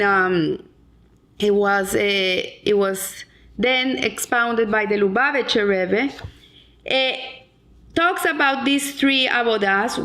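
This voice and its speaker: A woman's voice: fairly high pitch, pushed and bright. Earnest woman teaching a Torah lesson. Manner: earnest, with frequent restarts and Hebrew terms. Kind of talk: explaining a weekly Torah lesson.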